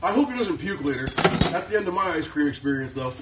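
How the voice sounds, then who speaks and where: A man hosting a casual live stream, joking in a deadpan, sarcastic way and rambling with lots of filler words into a phone. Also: on the high side, fast, recorded from a distance, heavy background noise. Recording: roomy, voice away from the mic.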